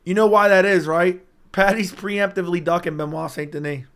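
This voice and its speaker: A hoarse man hosting a livestream in casual commentary, answering chat with blunt, profane banter. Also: high voice, steady tone, brisk, fairly bright tone, no echo. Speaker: livestream host.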